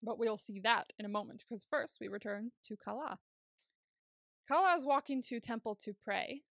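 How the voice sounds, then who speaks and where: A woman's voice: a little high, moderate pace, creaky, a bit bright, dry recording, studio quality. A young woman co-hosting a podcast, chatting casually and laughing often as she retells scenes. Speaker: podcast co-host. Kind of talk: casual recap chat.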